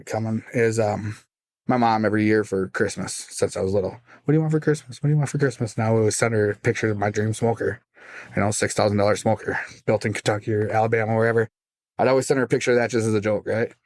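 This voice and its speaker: A man, a guest pitmaster, telling his story in casual, animated chat on a studio podcast. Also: fairly low pitch, fast talker, no echo. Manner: animated, acts out voices in his stories.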